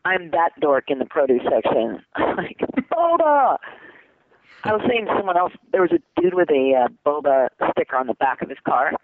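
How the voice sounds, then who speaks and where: A man, a voice actor being interviewed, chatting casually, excitable and laughing often, calling people "dude". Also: on the high side, brisk, few pauses, dry recording. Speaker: voice actor guest. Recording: tinny phone line.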